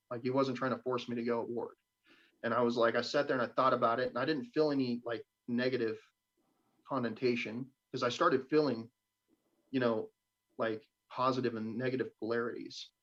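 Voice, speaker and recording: A young man, a guest on a live stream, casually telling a story, swearing a lot and acting out the voices he quotes. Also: mid-range voice. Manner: profane, animated, acts out quoted voices. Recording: dull lo-fi stream audio.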